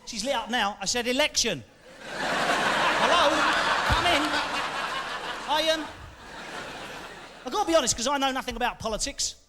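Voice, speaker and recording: High-voiced man doing cheeky stand-up. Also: expressive, moderate pace, long pauses. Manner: cheeky banter with the audience. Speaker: stand-up comedian. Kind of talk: live stand-up routine. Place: large theatre stage. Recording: live theatre recording, echoey hall, loud crowd and noise. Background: audience laughing.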